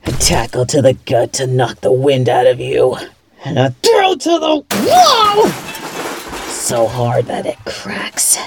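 A woman's voice: rumbling low, big pitch swings, slow, slight background noise, heavily acted. A woman voicing a cocky, mean female bunny villain who taunts and swears in an audio role-play. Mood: taunting. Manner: taunting, mocking, swears a lot.

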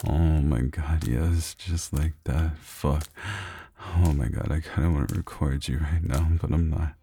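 Extremely deep, gravelly man, intimate role-play. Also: fairly even intonation, measured pace, slight background noise. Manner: low, close, murmured delivery with soft chuckles. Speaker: audio role-play performer. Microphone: close microphone, speaking near the ear.

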